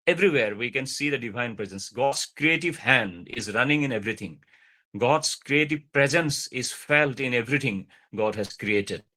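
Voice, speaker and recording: A man's voice: medium pitch, pushed and bright. A man giving a university lecture over a video call, explaining patiently, repeating phrases for emphasis, with frequent uh fillers. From India. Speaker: guest lecturer.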